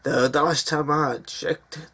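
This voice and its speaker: A man's voice: fairly high pitch, fairly even intonation, slow, bright, forceful tone, husky. A man giving ranting news commentary in a vlog, swearing often as he goes. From Britain. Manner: profane, angry ranting with frequent swearing.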